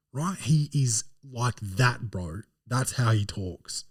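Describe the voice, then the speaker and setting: A man's voice: mid-range voice, animated, slow, few pauses, husky, no echo, studio quality. A man with an Australian accent, hosting a podcast and telling a rambling, slangy, digressive story as comedic review. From Adelaide, Australia. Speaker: podcast host.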